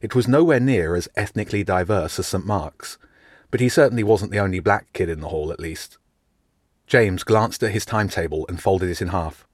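A man narrating an audiobook in an even, measured way. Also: deep voice, dry recording, studio quality.

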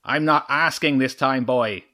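A man's voice: on the high side, very animated, a little slow, pitched above the performer's own voice, full character voice. A man voicing a menacing fox clan leader. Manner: shouting, threatening.

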